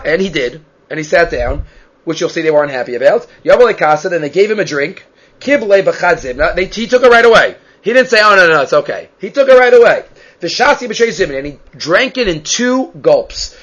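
Male Talmud teacher with a high pitch, recorded on dull, lo-fi audio. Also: sing-song, brisk, fairly bright tone. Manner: reads Hebrew and Aramaic phrases, then translates them. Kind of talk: explaining a Talmud text. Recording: muffled lo-fi recording.

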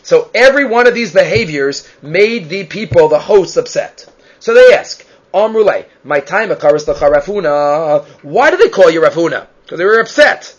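A man's voice: sits high, animated, moderate pace. A man teaching a Talmud class, reading phrases aloud and translating them as he goes. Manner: reads Hebrew and Aramaic phrases, then translates them. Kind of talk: explaining a Talmud text. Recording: muffled lo-fi recording.

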